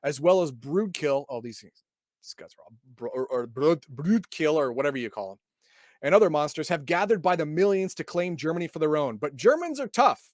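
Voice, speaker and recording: A man with a somewhat high voice reads from a role-playing book, then breaks off into wry, sarcastic comments. He trips over his words and repeats himself as he goes. The sound is dry and close. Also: big pitch swings, a little fast, dry recording. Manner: stumbles and repeats words often. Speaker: podcast host reviewing a game book. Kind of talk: casual chat reading and riffing on a book.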